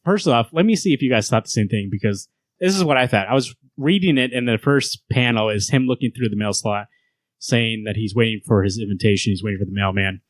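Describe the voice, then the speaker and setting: A man's voice: lowish voice, brisk, no room sound. Rambling man hosting a comics chat. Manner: rambling, laughs while retelling scenes. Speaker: podcast host. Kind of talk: casual comic book chat.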